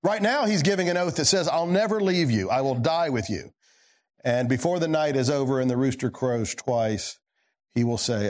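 A male pastor giving a sermon, swinging between emphatic lines and low quiet asides, putting questions to the congregation. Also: normal speed.

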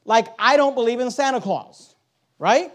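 High-voiced man preaching an emphatic sermon. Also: moderate pace. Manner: emphatic, rhetorical questions, reads scripture aloud.

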